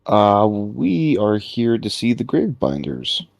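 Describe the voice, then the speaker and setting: A man's voice: lowish voice, big pitch swings, takes it slowly, creaky, darkish tone, dry recording. A man playing a tabletop game, talking casually in a hesitant, questioning way. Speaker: player.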